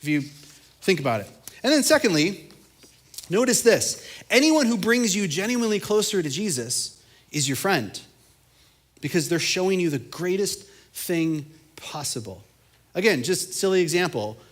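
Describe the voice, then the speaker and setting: Animated high-voiced youth pastor. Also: male voice, moderate pace, long pauses. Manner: animated, conversational, acts out quotes. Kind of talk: energetic casual sermon.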